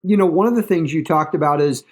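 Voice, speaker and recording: A man's voice: a little high, quick pace, darkish tone. A man hosting a podcast interview, enthusiastic and often starting his sentences over. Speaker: podcast host.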